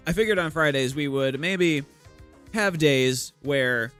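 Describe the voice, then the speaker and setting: A man's voice: medium pitch, unhurried, a bit bright, faint music behind. A young man streaming his art live, chatting casually with viewers into a desk microphone, greeting them and cracking self-deprecating jokes.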